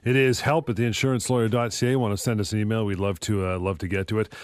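A man hosting a radio talk show, briskly reading out contact details and listener emails. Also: fairly low pitch, steady tone, a little mellow. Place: radio studio.

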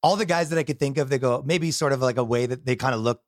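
A man from Canada chatting loosely as a comedian guest on a podcast. He rambles and pads his thoughts with fillers, and his voice sits at an everyday middle pitch. The recording is close and dry, with no room sound. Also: fast, no room sound. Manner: rambling, filler-heavy, laughs often. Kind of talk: casual podcast chat.

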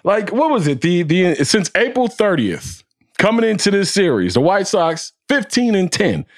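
Animated, high-voiced joking podcast host. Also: male voice, moderate pace. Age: young adult. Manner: animated, joking, lots of laughter and repeated words. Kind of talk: casual sports podcast chat. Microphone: close studio mic.

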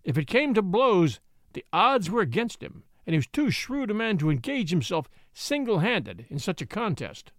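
Expressive male audiobook narrator. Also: sits high, moderate pace, dry recording, clean studio sound. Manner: expressive, theatrical.

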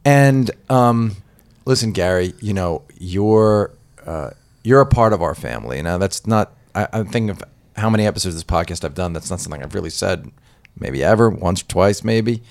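Boston-accented man hosting, animated and jokey. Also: low voice, moderate pace, hardly any pauses. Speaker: podcast host. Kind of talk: casual interview chat.

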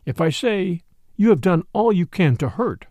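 Man reading as Father Brown, quiet priest. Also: high-pitched, sing-song, no echo, studio quality. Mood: grave. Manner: quiet, measured, gently pointed. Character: little mild shrewd male Catholic priest.

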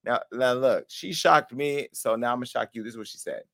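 A man hosting a call-in talk show, joking and animated as he chats and laughs often. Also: medium pitch, a little fast, gravelly, slight background noise. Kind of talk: casual chat.

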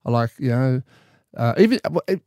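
Man in his fifties, rambling, jokey co-host, mid-pitched, dry studio. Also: sing-song, a little fast, a little mellow, no echo. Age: 50s. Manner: rambling, jokey, stumbles and repeats words. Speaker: podcast co-host. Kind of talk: casual chat.

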